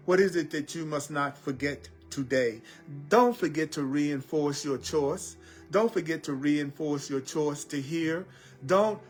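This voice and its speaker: A man giving a spiritual teaching talk as a teacher, slowly and deliberately repeating affirmations. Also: fairly high pitch. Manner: slow, deliberate repetition of affirmations.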